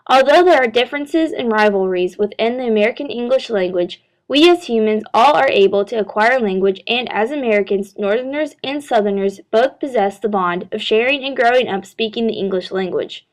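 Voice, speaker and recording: A woman, a student narrator, reading a scripted narration in a steady, formal way. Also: on the high side, a little fast, few pauses. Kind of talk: read-aloud scripted narration.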